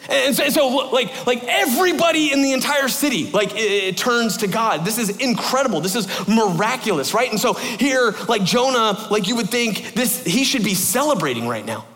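A man's voice: extremely high pitch, big pitch swings, normal speed, hardly any pauses, a bit bright, soft background music. A man preaching a sermon in a loose, chatty style. He restarts his phrases often and fills the gaps with everyday filler words. His voice rings out with a long reverb through a church sanctuary. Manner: casual, conversational preaching with frequent fillers and restarts. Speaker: pastor.

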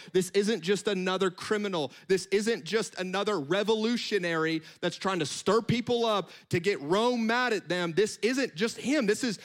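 A man delivering a sermon from the pulpit, his voice sitting high for a man. He talks in a lively, conversational way, breaking off for quick asides as he makes his points. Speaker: preacher.

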